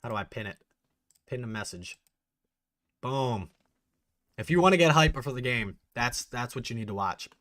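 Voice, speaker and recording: A man hosting a casual livestream, chatting excitedly and answering viewers' messages. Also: mid-range voice, normal speed, long pauses, dry recording. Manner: chatty, reads and answers live chat, excitable. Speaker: bourbon channel host.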